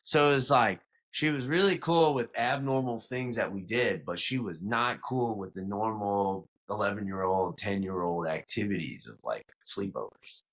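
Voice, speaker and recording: Young man, light south louisiana accent, low voice, rambling podcast guest. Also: normal speed, hardly any pauses, a bit bright. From Louisiana, south of New Orleans. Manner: rambling, self-correcting, with many "like" and "you know". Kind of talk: casual storytelling interview.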